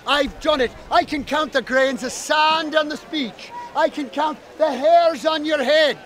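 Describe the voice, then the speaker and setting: Storybook fairy woman with a put-on lilt, scornful and brassy, pitched low for a high voice, as a storyteller plays her. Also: a little slow, a bit bright. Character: bossy female Irish fairy, sharp-tongued know-it-all.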